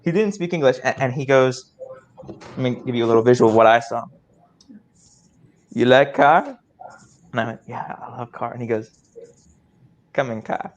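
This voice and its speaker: A young man, an improv player, telling a comic story in an excited, rambling way with many stammered restarts over a video call. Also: medium pitch, quick pace, lo-fi sound.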